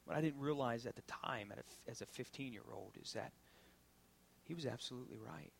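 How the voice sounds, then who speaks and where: A man preaching a sermon as pastor, swinging from loud preaching to hushed whispers. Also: mid-range voice, a little fast, vocal fry, a little hiss or hum.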